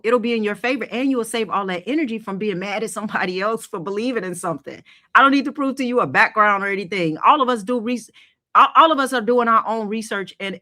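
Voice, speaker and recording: A woman's voice: medium pitch, bright, forceful tone. A woman hosting a live investing stream, talking emphatically to her chat with many rhetorical questions and repetitions. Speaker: host of a crypto investing livestream. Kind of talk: live stream talk reading chat comments.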